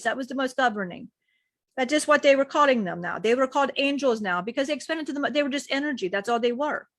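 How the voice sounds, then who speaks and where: A woman's voice: high-pitched, fairly bright tone, no echo. A woman, a spiritual teacher, who tells a channeled story in an earnest, rambling way. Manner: earnest, rambling retelling with frequent "he said".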